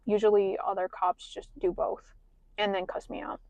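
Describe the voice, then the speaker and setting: A woman's voice: medium pitch, flat delivery, moderate pace, darkish tone, dry recording, muffled recording. A young woman talking frankly while driving, swearing freely and filling her talk with "like". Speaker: vlogger. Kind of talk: casual venting while driving. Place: inside a car.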